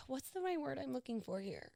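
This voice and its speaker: A woman co-hosting a casual podcast chat, excitable, laughing often and trailing off mid-sentence. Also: high-pitched, normal speed, gravelly, dry recording, clean studio sound. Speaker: podcast co-host.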